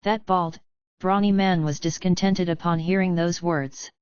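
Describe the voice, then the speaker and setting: A woman narrating an audiobook in a steady, even reading style. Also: fairly low pitch, a little slow, smooth, dry recording, muffled recording. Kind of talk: scripted narration.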